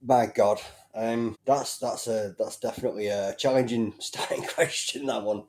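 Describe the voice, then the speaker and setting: Hesitant British man with a mellow voice. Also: medium pitch, steady tone, normal speed. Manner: hesitant and self-deprecating. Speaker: guest. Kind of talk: casual chat.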